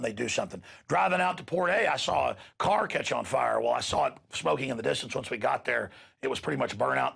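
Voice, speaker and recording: A man's voice: mid-range voice, gravelly, fairly bright tone, slightly rough. A middle-aged man, hosting a show and delivering an impassioned, emphatic rant to his listeners. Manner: ranting, emphatic, repeats words when worked up. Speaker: radio show host.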